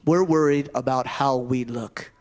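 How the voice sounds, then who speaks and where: A man's voice: mid-range voice, steady tone, unhurried, a little mellow. A man giving a conversational sermon, often repeating and restarting his phrases. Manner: conversational preaching with repetitions and restarts. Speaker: preacher.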